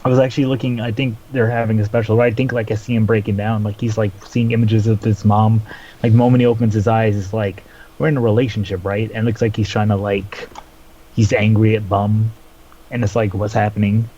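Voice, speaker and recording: A man in casual podcast chat, talking quietly and mostly offering brief agreement. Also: fairly low pitch, little pitch movement, brisk. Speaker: podcast co-host. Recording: dull lo-fi recording.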